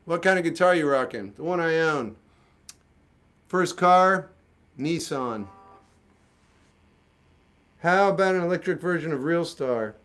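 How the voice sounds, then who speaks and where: A man's voice: a little high, lively intonation, a little slow, long pauses, a bit bright, slight background noise. A man casually answering chat comments on a livestream with dry, jokey, offhand replies.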